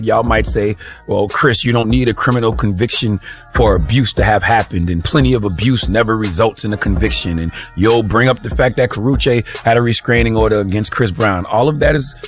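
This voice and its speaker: A man's voice: lowish voice, brisk, faint music behind. Emphatic male radio host lecturing. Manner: emphatic, lecturing, keeps asking "okay?". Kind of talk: opinion commentary segment.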